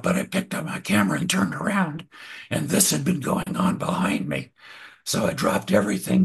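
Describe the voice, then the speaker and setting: An older man recounts his photography days over a slideshow in a husky, gravelly voice. His pitch moves a lot, slightly higher than most men's, and he talks in a loose, anecdotal way. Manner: relaxed anecdotal, frequent uh and restarts. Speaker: photographer telling stories. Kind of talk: casual storytelling over slides.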